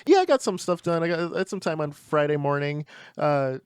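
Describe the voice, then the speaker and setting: A young man co-hosts a casual podcast. His voice is smooth and resonant and sits a touch high. The sound is dry and close, and he talks in quick, animated bursts full of restarts. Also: no echo. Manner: animated, frequent restarts and repeated words. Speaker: podcast co-host. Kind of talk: casual chat.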